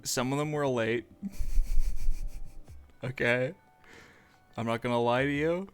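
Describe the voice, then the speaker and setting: A man's voice: medium pitch, slow, smooth, soft background music. A man streaming live as he draws, rambling through casual chat with self-mocking jokey asides. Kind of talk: casual livestream chat while animating. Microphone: streaming microphone.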